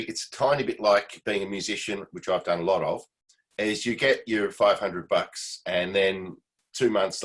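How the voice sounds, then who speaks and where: Participant: man, lowish voice, rambling advisory talk over a video call. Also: a bit bright, rough recording. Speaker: meeting participant, former session musician. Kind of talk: casual video-call chat.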